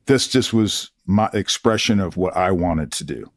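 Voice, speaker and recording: In a deep voice and at a slightly slow pace, a retired army colonel in middle age recounts stories as an interview guest. He performs the lines of the people he quotes with animation, and the sound is dry and studio quality.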